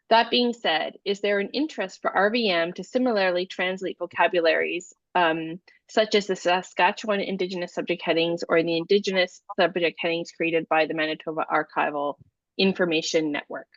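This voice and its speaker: A woman's voice: fairly low pitch, no echo. A middle-aged woman moderating a video-call panel discussion, hesitant with many restarts and fillers. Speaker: webinar moderator. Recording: dull lo-fi video call audio.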